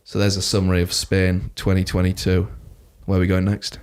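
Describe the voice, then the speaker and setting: Young male co-host, very low voice, loose rambling chat. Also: completely flat delivery, a little fast, darkish tone, clean tone. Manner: rambling, laughs often. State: recovering from a cough. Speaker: podcast co-host. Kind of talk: casual chat.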